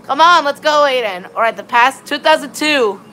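A woman's voice: high-pitched, lively intonation, moderate pace, pushed and bright, a little hiss or hum. A woman live-streaming a game, chatting to her viewers in a rambling way and greeting them by name. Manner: rambling, repeats "all right, then" and "of course". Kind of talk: casual live-stream chat while gaming.

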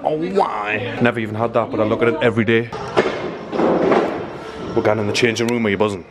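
A young man with a Geordie accent vlogging his week, excitable and loud, swearing and laughing as he talks. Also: lowish voice, fast talker. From northeast England. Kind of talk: casual vlog chat. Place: city streets and a gym. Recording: loud street noise behind.

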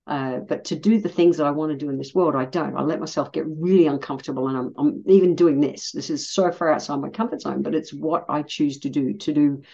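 A middle-aged Australian woman telling a personal story in a casual, blunt way, swearing freely and getting animated when she quotes people. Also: sits low, gravelly, highs cut off. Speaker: podcast host.

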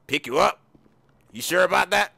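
Gravelly dude hamming it up in game roleplay, bright voice, all over the place, teasing. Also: male voice, high-pitched, expressive, moderate pace, dry recording. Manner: boastful and teasing, loud street slang. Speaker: gamer in role-play. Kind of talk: playful in-game role-play banter.

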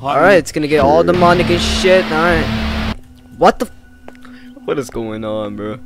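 A man giving casual, excitable let's-play commentary on a horror game, swearing, jumpy and talking back to the characters. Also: fairly high pitch, moderate pace, background noise. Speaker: gamer playing a horror game.

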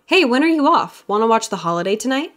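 A woman's voice: fairly high pitch, sing-song, fast talker, voice pushed up. A woman narrating an audiobook, reading the lines of a friendly, earnest young woman intern in a slightly lifted voice.

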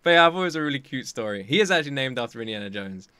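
A man's voice: mid-range voice, lively intonation, very fast, bright, forceful tone, smooth, no echo. A man in his thirties chatting casually on a stream, rambling through a story with many restarts. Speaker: anime reaction streamer. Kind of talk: casual chat.

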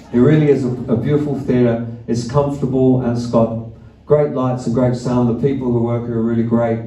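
A man's voice: mid-range voice, dark tone, distant mic. Male musician, on-stage banter, wry and profane, live in a roomy theatre with faint crowd noise. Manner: loose, profane, self-mocking storytelling. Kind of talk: rambling stage banter between songs.

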